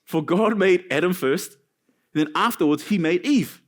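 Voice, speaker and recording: A male pastor preaching a sermon in a church, animated and joking between points. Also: high-pitched, a little slow. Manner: animated preaching with jokes and asides.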